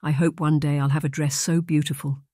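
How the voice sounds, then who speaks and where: The audiobook narrator voicing a cheerful young female housemaid who talks briskly and deferentially. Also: medium pitch, flat delivery, dark tone, no echo, clean studio sound, lightly acted. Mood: wistful. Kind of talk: audiobook character voice.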